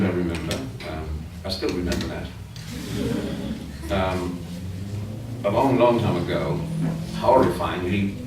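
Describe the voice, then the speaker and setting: A man's voice: on the low side, background noise. A middle-aged man with a Chilean Spanish accent giving an academic conference talk, explaining things in a chatty way with asides. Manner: explanatory, chatty with asides, taps out beats aloud. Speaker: lecturer. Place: lecture hall. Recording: echoey hall from far off.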